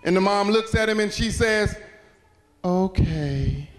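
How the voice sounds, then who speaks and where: A man giving an animated storytelling speech with long, preacher-like pauses. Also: high-pitched. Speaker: speaker. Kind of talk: storytelling speech to a school audience. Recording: echoey hall.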